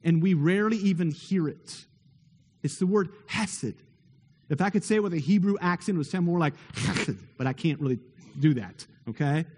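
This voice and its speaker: Speaking a little fast, a pastor with a fairly high, darkish, breathy voice delivers an earnest, emphatic sermon. Repeated phrases and rhetorical questions build each point, and a large hall lends long reverb.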